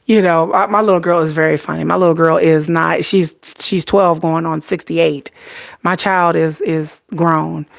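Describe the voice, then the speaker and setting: Gravelly-voiced woman chatting and laughing. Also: low-pitched, fairly even intonation, moderate pace. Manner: laughing, storytelling, swears casually. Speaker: K-pop commentary livestream host. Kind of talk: casual livestream chat.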